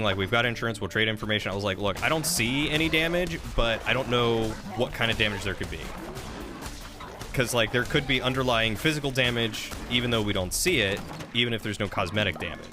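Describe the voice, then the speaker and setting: A man streaming a game and chatting casually, telling an animated story. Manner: animated storytelling, rising pitch when quoting an argument. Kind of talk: casual gameplay stream chat.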